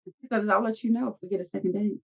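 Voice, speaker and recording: A woman's voice: medium pitch, steady tone, rapid-fire, gravelly, husky, muffled recording. A woman co-hosting a casual podcast, recapping a reality show in a blunt manner, swearing freely. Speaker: podcast co-host.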